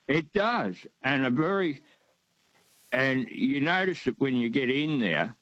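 A man's voice: medium pitch, lively intonation, slow pace, fairly bright tone, no echo, muffled recording. An older man, calling in to a radio talk show and rambling with many fillers and hesitations. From Australia. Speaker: radio caller. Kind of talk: casual phone-in chat.

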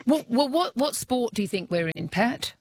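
A woman's voice: a little high, big pitch swings, normal speed, breathy edge, no room sound. An Australian woman hosting a talkback radio quiz, chatty and teasing with callers. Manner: chatty, teasing, laughs often.

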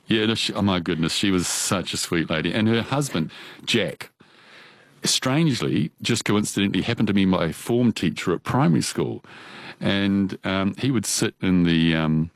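A man with a New Zealand accent, an opera singer, telling stories from his early life in a relaxed, chatty way with frequent laughs. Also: low-pitched, moderate pace, no echo. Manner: chatty, laughs often, animated quoting. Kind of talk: relaxed storytelling.

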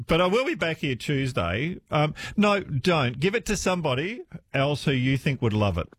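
A man's voice: fairly high pitch, big pitch swings, moderate pace, breathy edge. A man hosting a talkback radio show, chatting with callers and laughing often. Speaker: radio host. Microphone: studio microphone.

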